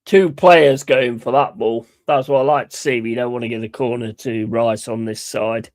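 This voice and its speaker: A man hosting a football watch-along, calling play-by-play in a blunt, excitable and heavily sweary way. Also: medium pitch, normal speed. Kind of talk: live match commentary.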